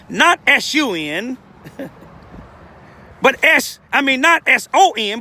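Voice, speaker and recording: A man's voice: very high voice, expressive, a little slow, sharp tone, dry recording. An older man giving an informal, emotional street testimony as a self-styled lay preacher, rambling with repeated asides. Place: outdoors in the cold, urban street.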